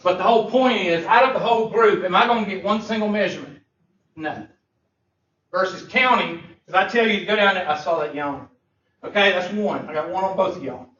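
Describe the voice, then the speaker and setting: A math instructor with a high, somewhat bright voice lectures briskly, joking in a folksy way with drawled Southern phrasing. Captured by a far room mic, the classroom recording sounds echoey, distant and muffled.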